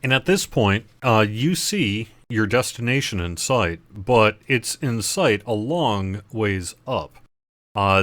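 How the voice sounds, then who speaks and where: A man's voice: fairly low pitch, fairly bright tone, no echo. A man acting as game master, narrating a tabletop game over voice chat in a hesitant way with many fillers.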